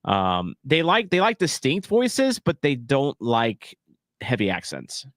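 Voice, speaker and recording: A man's voice: mid-range voice, huge pitch swings, slow pace, a bit bright, no echo, studio quality. A man in his thirties hosting a casual live watch-along stream, chatty and self-deprecating, rambling between topics.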